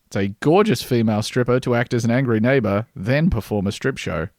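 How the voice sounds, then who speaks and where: Deadpan man reading out a list. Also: medium pitch, a little fast, dry recording, clean studio sound. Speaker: podcast host. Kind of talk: casual chat, reading out a list.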